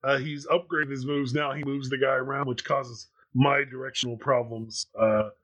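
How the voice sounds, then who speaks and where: A man's voice: mid-range voice, little pitch movement, normal speed, a bit bright, slightly rough, muffled recording. A man in his thirties hosting a podcast, telling a rambling story in casual chat with plenty of fillers. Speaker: podcast host.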